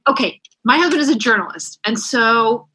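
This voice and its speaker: Lively bright-voiced woman author. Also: fairly high pitch, moderate pace, slightly rough. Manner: candid, self-deprecating, lots of restarts and fillers. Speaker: author guest. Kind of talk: casual interview chat.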